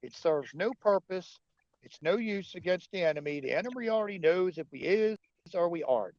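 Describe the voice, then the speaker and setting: A man's voice: high-pitched, lively intonation, fairly quick, darkish tone. Angry profane man ranting on a stream. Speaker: livestream host. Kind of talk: heated livestream rant. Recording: dull, dry lo-fi stream audio.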